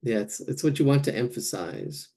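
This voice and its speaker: Male art teacher, gravelly and dark-toned, painting live and musing aloud. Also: medium pitch, lively intonation, normal speed. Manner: thinks aloud while painting, searching for words. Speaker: art instructor.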